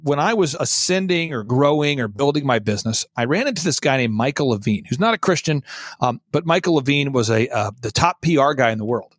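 High, lively man telling a story. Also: dry recording, clean studio sound. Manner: emphatic, theatrical, repeats for emphasis. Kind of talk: animated storytelling on a talk show.

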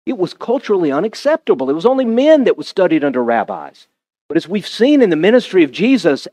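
Male pastor, high and very expressive, conversational sermon style with congregation asides.

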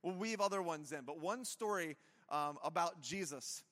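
A man's voice: on the high side, normal speed, fairly bright tone, long reverb tail. A man preaching a conversational sermon to his church, chatty and self-deprecating, with lots of jokes and asides. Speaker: pastor. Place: church auditorium.

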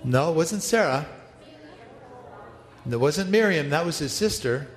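A man's voice: a little high, lively intonation, unhurried. A male pastor leading an interactive Bible story for his church, upbeat and playful as he directs the congregation. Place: large church hall. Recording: echoey hall, long reverb.

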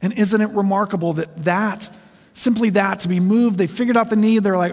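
A man's voice: sits high, fairly quick, creaky, darkish tone. A man in his forties preaching a sermon, speaking in a conversational, self-deprecating way with humorous asides. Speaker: pastor. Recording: long reverb of a large hall.

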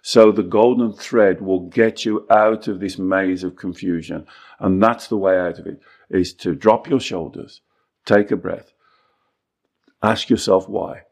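Deep-voiced coach guy on a podcast, earnest, keeps repeating himself to drive it home. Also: unhurried, vocal fry, darkish tone. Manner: earnest, repetitive explaining. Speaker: life coach. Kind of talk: podcast teaching talk.

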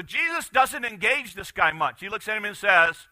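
A man preaching a sermon as pastor, animated, swinging from loud bursts to quiet asides. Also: sits high, normal speed, hardly any pauses, dry recording.

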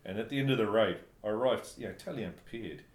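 A man from New Zealand telling travel stories in casual chat, animated and laughing often. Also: lowish voice, very fast. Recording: echoey room, faint background noise.

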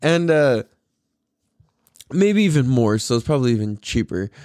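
A man's voice: medium pitch, sing-song, normal speed, a little mellow, no room sound, clean studio sound. A tired young man hosting his own podcast, rambling in a laid-back way with lots of swearing, fillers and laughs. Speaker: podcast host. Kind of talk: casual solo podcast monologue.

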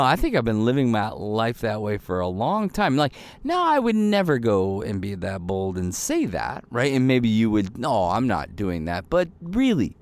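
A man in his thirties preaching a casual, candid sermon, full of fillers and little acted-out quotes. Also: fairly low pitch. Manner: conversational and candid, many fillers, acts out little quoted voices. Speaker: pastor.

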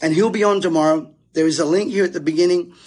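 Talking fast with fairly even intonation, the middle-aged Australian host addresses his audience in an emphatic, preachy, impassioned monologue to camera. His voice sits high, husky and a little mellow.

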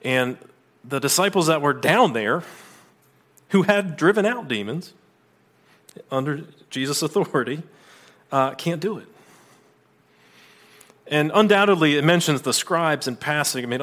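A man delivering a sermon in a fairly high voice. He explains scripture in a conversational way, breaking off into asides and restarting his sentences as he goes. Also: unhurried, long pauses, a bit bright. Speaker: pastor.

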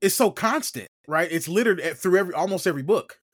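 A wry man chatting casually about tabletop games and laughing often. His voice is slightly high for a man. It is recorded dry and close, with no room sound. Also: lively intonation, fast, fairly bright tone, slightly rough, no echo.

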